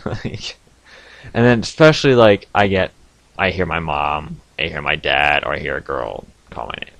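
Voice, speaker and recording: A young man telling stories to camera from his home basement in a casual, animated way, with sudden loud outbursts and frequent laughs. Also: low voice, measured pace, vocal fry, long pauses, dry recording. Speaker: vlogger.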